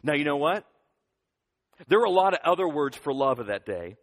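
A man in his thirties giving a lively children's sermon, leading the kids in call-and-response. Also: on the high side, a little fast. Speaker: children's pastor. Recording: long hall reverb.

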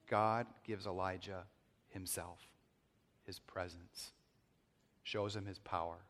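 A man with a low voice delivers a sermon that ringingly echoes through a large reverberant space. He acts out scripture passages with loud, pleading outbursts. Then he drops to a hushed, reverent tone. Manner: dramatic, swings from loud acted pleading to hushed reverent tones. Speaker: pastor. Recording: long hall reverb.

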